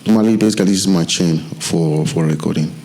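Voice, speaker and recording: A man teaching music recording software in a loose, rambling tutorial with many restarts, from a home studio. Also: low-pitched, quick pace.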